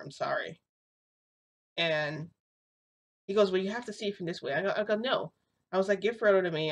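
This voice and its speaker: A young woman with a low-pitched voice recounts a story in a casual vlog. She chats easily and slips into quoting the other people in the story as she goes. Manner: chatty, acts out quotes of others in dialogue. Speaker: vlogger telling a reality-shifting story.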